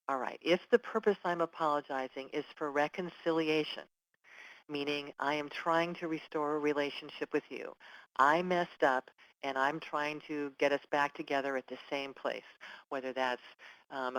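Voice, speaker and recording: A woman's voice: low voice, no echo, poor audio. A woman giving an educational webinar talk, earnest and emphatic, who sometimes acts out example apologies. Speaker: webinar presenter.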